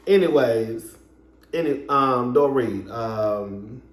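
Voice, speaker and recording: A man's voice: medium pitch, slow. A man giving casual commentary as a reality TV reviewer, sassy and profane, laughing often. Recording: echoey room.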